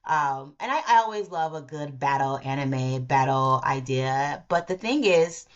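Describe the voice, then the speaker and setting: A woman with a notably low voice hosts a casual solo podcast. She talks in a chatty, rambling way and often stops to correct herself mid-thought. The recording sounds slightly dull and lo-fi. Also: animated, unhurried. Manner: chatty and rambling, self-interrupting. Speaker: podcast host.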